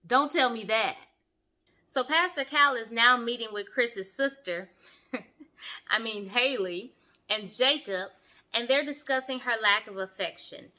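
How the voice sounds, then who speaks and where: Brief: lively young woman reviewer, bright sharp voice, a touch high, sassy and direct. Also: measured pace. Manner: sassy, animated, talks straight to viewers. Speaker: online show reviewer. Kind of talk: casual commentary.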